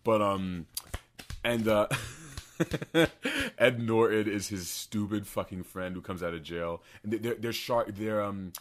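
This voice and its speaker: A man co-hosting a podcast in casual chat, excitable and profane, often stumbling over his words. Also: fairly low pitch, a little slow. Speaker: podcast co-host.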